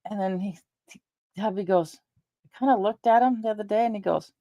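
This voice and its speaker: A woman's voice: medium pitch, brisk, no echo, dull audio. A middle-aged woman chatting casually to her viewers, rambling through personal stories and laughing along the way. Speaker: vlogger.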